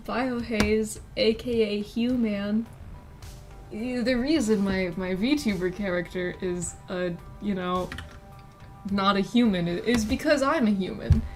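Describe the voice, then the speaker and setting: Taking it slowly at a medium pitch, a VTuber chats casually during a drawing live stream with soft music in the background. Her talk wanders and is repeatedly broken up by giggly asides.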